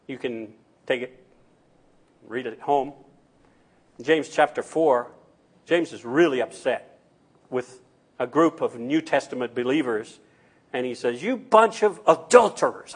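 A man preaching a sermon as pastor, swinging between loud emphatic calls and soft, intimate passages. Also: medium pitch, breathy edge.

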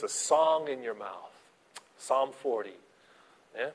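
A man preaching a sermon as a pastor, animated, swinging between soft asides and loud emphasis. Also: medium pitch, slow pace, pauses often, husky.

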